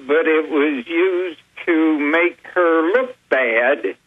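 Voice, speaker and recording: A male radio guest calling in by phone, speaking slowly and haltingly with many fillers. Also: on the high side, breathy edge, no echo. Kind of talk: talk radio interview. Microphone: telephone. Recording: tinny phone line.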